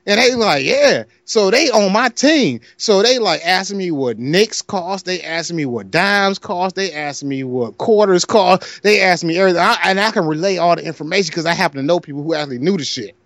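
A man's voice: high voice, brisk, few pauses, no echo. A man with a Detroit accent, casually telling a long story on a podcast, acting out the other people's lines and laughing as he goes. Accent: Detroit, Michigan. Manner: animated storyteller, acts out other voices, laughs often.

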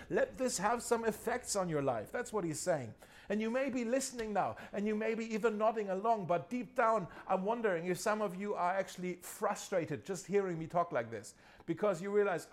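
High-voiced man preaching a conversational sermon. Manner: conversational, repeats key phrases, chuckles at himself. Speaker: pastor.

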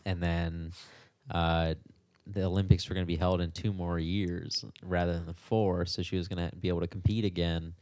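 A man's voice: low-pitched, little pitch movement, moderate pace, hardly any pauses, a little mellow, no room sound. A young man in casual podcast chat, laid-back and rambling, saying "dude" and "like" a lot.

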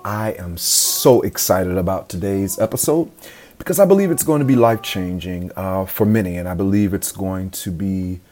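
A man's voice: fairly low pitch, warm tone. A man hosting a motivational podcast, earnest and emphatic, often repeating phrases for effect. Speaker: podcast host.

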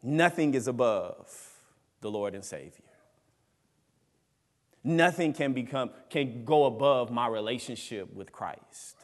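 A man preaching a sermon as pastor, emphatic, swinging between loud rises and quiet drops. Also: medium pitch, lively intonation, takes it slowly, pauses often, big-room sound. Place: church sanctuary.

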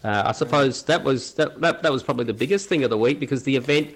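A man, a guest podcast host chatting casually, halting and hesitant with many fillers. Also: medium pitch. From Australia.

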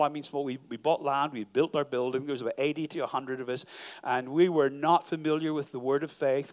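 A middle-aged man from Northern Ireland with a softened Northern Irish accent, a pastor preaching a sermon that swings from quiet storytelling to loud, rousing delivery. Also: medium pitch.

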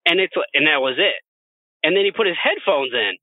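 A man's voice: a little high, lively intonation, brisk, no room sound. A man co-hosting a podcast, telling a story in casual, profane chat with frequent laughter. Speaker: podcast co-host. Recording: dry, phone-like narrow sound.

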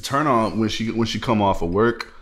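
Low-voiced young man, crude and animated. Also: normal speed, background noise. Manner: animated storytelling, crude and blunt. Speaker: podcast guest. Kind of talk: casual podcast chat.

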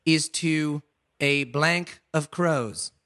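A man hosting a radio call-in quiz, excitable and playfully teasing, cheering his caller on. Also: a little high, drawn-out words, dry recording, studio quality. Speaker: radio show host.

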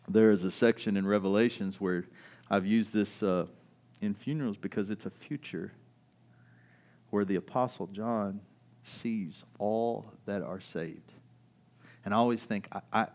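A man's voice: fairly low pitch, normal speed, darkish tone. A man preaching a sermon as pastor, impassioned, often asking rhetorical questions and repeating words as he builds his point.

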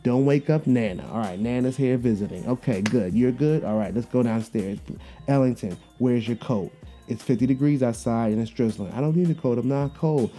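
Male podcast host, 30s, warm low-key voice, animated storyteller, faint music bed. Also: normal speed. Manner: animated, acts out his kids' voices, many fillers. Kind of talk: casual storytelling monologue.

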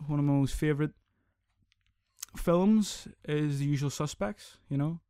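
A man's voice: on the high side, measured pace, smooth, dry recording, studio quality. A young man hosting his own podcast, ranting casually and swearing a lot. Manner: sweary, rambling, animated. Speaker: podcast host. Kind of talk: casual solo podcast rant.

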